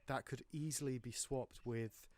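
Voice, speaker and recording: A man in an easygoing film podcast chat, rambling through his points with dry little jokes. His voice sits at an ordinary middle pitch and is recorded close and dry, with no room sound around it. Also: steady tone, normal speed, a little mellow, no room sound. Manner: chatty, rambling, wry jokes. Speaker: podcast host.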